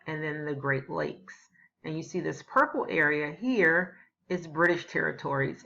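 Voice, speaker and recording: A woman's voice: sits low, creaky, a bit bright. A woman teacher giving a casual, explanatory history lesson. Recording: dull lo-fi recording.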